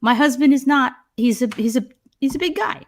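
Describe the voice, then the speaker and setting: A woman's voice: sits high, brisk. A middle-aged woman, hosting a casual chat and telling stories with lots of laughter. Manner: animated storyteller, laughs often. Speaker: host.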